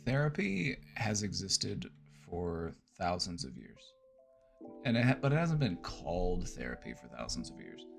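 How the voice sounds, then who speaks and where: A man's voice: low voice, wildly swooping pitch, a little slow, gravelly, soft background music. A man hosting a mental health Q&A in a casual, chatty way, with many fillers and laughs at his own jokes. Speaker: host answering viewer questions. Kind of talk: casual chat.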